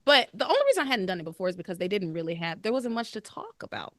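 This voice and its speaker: A woman hosts a casual podcast, her voice swinging widely in pitch as she acts out bits of the story. Her tone is bright and crisp, recorded dry with no room sound. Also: racing, dry recording. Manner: animated, laughs often, acts out characters' lines. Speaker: podcast host. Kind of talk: casual recap chat.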